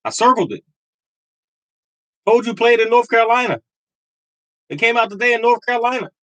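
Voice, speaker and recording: A man's voice: extremely high pitch, steady tone, quick pace, fairly bright tone, dry recording, highs cut off. A man in his fifties or older hosting a live lottery tips stream, greeting chat viewers by name and repeating his points with emphatic conviction. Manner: emphatic and repetitive, preaching conviction.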